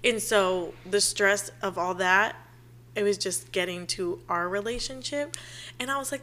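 Bright-voiced young woman, animated storyteller. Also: mid-range voice, measured pace. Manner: animated storytelling, acts out quotes, laughs often. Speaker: podcast co-host. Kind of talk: casual chat.

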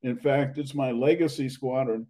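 An older man reminiscing about his academy days, halting with many fillers and restarts, his voice going hoarse and his throat needing clearing. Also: medium pitch, fairly even intonation, mellow, rough recording. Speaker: interviewee, academy alumnus. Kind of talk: reminiscing conversation.

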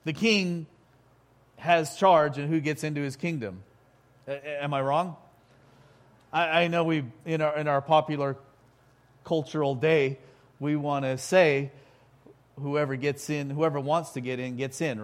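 Halting preacher man, rising to loud emphasis. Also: on the high side. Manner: halting, full of restarts, building to loud emphasis. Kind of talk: sermon.

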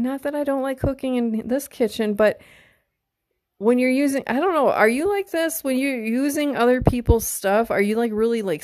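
A middle-aged woman hosts a casual podcast monologue, speaking candidly and from the heart, swearing freely and opening up about her feelings until she is openly tearful at times. Her voice is a little high with a darkish tone, and the recording is dry.

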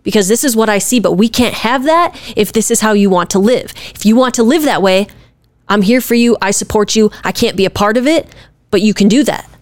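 Her mid-range voice is brisk as she talks earnestly and with emphasis on a casual podcast she co-hosts with her husband. No room sound comes through.

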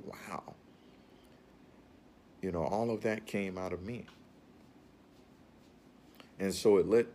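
A man's voice: sits low, darkish tone, a little hiss or hum. A man giving an earnest, rambling motivational talk about facing fear, often repeating his phrases.

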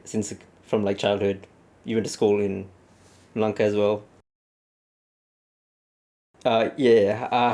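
A young Australian man hosts a laid-back podcast. He is easygoing and keeps the chat moving with questions, at an even pitch. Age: young adult. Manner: steers talk with questions, easygoing. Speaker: podcast host.

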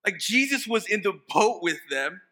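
A man delivers a sermon as a pastor, his voice sitting high and sounding strikingly bright and forceful. He keeps asking the congregation questions and slips into chatty voices when he acts out what the demons are pleading. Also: expressive, normal speed. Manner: preaching with rhetorical questions, acting out demons' pleas.

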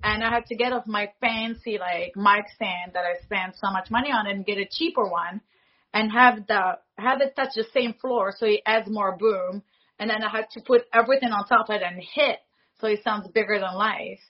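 A woman in her forties, a foley artist, telling stories in an animated way and acting out the dialogue she quotes. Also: mid-range voice, moderate pace, lo-fi sound. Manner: animated, acts out quoted dialogue, laughs often. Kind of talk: casual interview storytelling.

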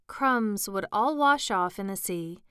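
Woman reading as the Mock Turtle, a gloomy old male sea creature from a storybook, drawn-out and touchy, in a smooth voice close to a dry mic, unhurried and a shade higher than plain narration. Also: animated, a bit bright, no echo. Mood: mournful. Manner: mournful, easily offended.

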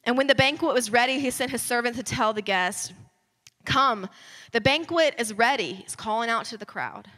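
A woman's voice: fairly high pitch, normal speed, bright, forceful tone. A woman from the United States preaching a sermon in a large church hall, talking conversationally and building to fervent emphasis. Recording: long hall reverb.

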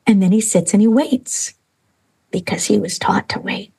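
A woman hosting a podcast, telling a story and speaking earnestly and emphatically, slowing down for emphasis. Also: mid-range voice, fairly even intonation, creaky, warm tone, slightly rough, rough recording. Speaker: podcast host. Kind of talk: storytelling and inspirational talk.

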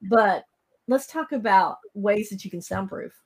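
A woman hosting a podcast who asks her guest eager, brisk questions in a casual interview. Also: medium pitch, darkish tone. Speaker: podcast host.

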